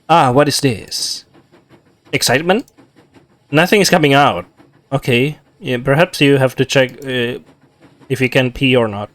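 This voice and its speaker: A man's voice: medium pitch, measured pace, pauses often, fairly bright tone. Young man casually reading a game aloud. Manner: chatty, self-mocking asides. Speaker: gamer reading a visual novel aloud. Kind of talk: casual let's play commentary.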